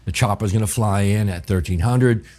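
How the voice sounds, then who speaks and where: A middle-aged man tells a story as a guest in a relaxed interview. His voice sits very low. He talks in a vivid, profane way and acts out the dialogue as he goes. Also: normal speed. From New Orleans, USA. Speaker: guest chef.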